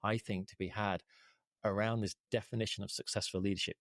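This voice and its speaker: A man's voice: lowish voice, level tone, fairly quick, dry recording, studio quality. A man speaking as a podcast interview guest, emphatic and full of rhetorical questions.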